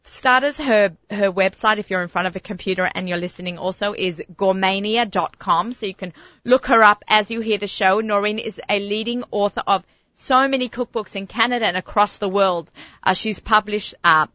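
A woman with an Australian accent hosting a radio talk show, chatty and enthusiastic with quick laughs. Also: mid-range voice, bright, forceful tone, no echo, lo-fi sound. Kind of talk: casual radio interview. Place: radio studio.

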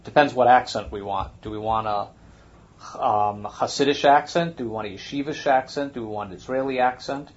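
A man's voice: mid-range voice, fairly quick. A man hosting a casual chat, thinking aloud as he talks. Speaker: podcast host. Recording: muffled lo-fi recording.

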